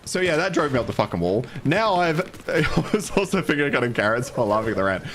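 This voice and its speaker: A man's voice: very animated, quick pace, a crowd in the background. A man with an Australian accent ranting profanely and in exasperation while commentating his gameplay on stream. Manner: profane, exasperated ranting, voice jumping high when worked up. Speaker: gaming streamer.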